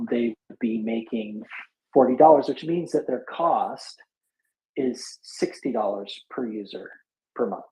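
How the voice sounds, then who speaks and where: Tired guy with a gravelly dark voice doing rough math out loud, lots of ums and restarts, echoey room. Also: medium pitch. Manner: halting, thinks aloud with many fillers and restarts. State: tired after a sleepless night. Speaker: speaker in a live audio chat room. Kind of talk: casual back-of-envelope reasoning.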